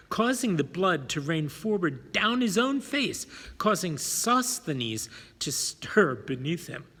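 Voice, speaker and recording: Dramatic male audiobook reader, lively pitch, husky tone. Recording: long hall reverb.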